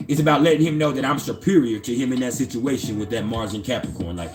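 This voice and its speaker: A man's voice: mid-range voice, fast, few pauses, soft background music. A man hosting an astrology channel, casually telling a personal story in a profane, streetwise, conversational way.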